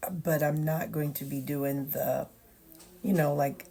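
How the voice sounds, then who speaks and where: Older missouri lady vlogging, low mellow voice, bit of fry, lots of ums. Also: flat delivery, slow pace. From Missouri, USA. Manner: hesitant, many ums, folksy. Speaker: weight-loss vlogger. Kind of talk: casual chat to camera.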